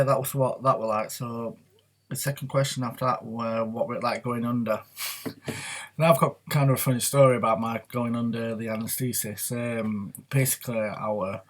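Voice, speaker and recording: A man's voice: mid-range voice, fairly even intonation, moderate pace. Guy rambling on his vlog, open and confessional. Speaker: vlogger. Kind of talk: candid personal vlog talk.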